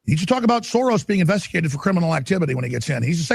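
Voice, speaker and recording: A male talk radio host delivering a fiery, ranting monologue that climbs into shouts. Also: on the high side, very animated, racing, gravelly, slightly rough, no room sound.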